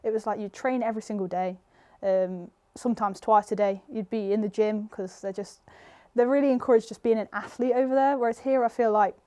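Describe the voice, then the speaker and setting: A woman's voice: medium pitch, steady tone, a little fast, warm tone, clear, resonant tone. A young woman with an English accent, chatting casually as an interview guest, full of "like" and "you know". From England. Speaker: guest footballer.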